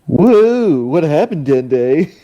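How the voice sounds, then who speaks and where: A man's voice: on the high side, extremely slow, dull audio, exaggerated voice. A man voicing a good-hearted young fighter boy. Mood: surprised. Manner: animated, loose, prone to breaking into laughter. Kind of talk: comedic fan-fiction dramatic reading.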